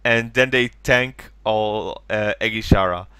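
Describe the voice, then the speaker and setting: A man with a low, bright and smooth voice, recorded close and dry. He sounds tired and rambles through a recap, jumping into quoted lines with a sudden raised voice. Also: unhurried, dry recording. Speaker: podcast co-host. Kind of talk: casual chat recapping a TV special.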